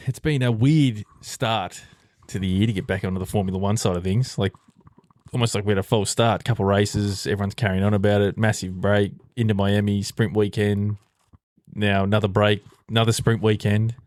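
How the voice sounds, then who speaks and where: A podcast co-host with a lowish, steady, darkish voice talks at a moderate pace in casual chat, swearing freely and laughing often. The sound is clean studio audio with no echo.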